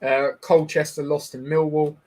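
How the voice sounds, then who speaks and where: A man's voice: a little high, little pitch movement, moderate pace, warm tone. Chatty guy hosting a stream. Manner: chatty, rambling, full of ums and banter. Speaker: streamer hosting a football watchalong. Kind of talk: casual live-stream chat with match commentary.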